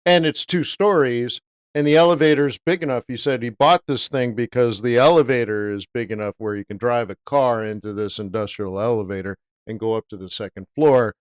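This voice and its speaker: A man's voice: medium pitch, fairly quick, smooth, dry recording, clean studio sound. A middle-aged man hosting a trading livestream, telling a long story in a laid-back, rambling way with lots of "dude" and "right?". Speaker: forex trading livestream host.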